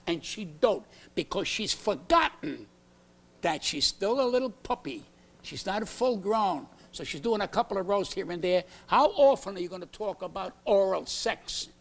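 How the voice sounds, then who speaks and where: A man's voice: high voice, animated, normal speed, gravelly. An older male comedian on a late-night talk show set, telling aggrieved stories in a brash, blunt way and acting out the exchanges. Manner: brash, aggrieved storytelling, acts out quoted exchanges. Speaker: comedian guest. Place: TV studio set.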